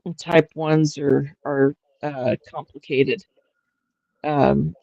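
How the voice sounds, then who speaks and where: A woman hosting a livestream, chatting casually in a halting way with frequent restarts and fillers. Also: low-pitched, fairly even intonation, creaky, dark tone, no echo, muffled recording. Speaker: livestream host. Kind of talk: casual chat.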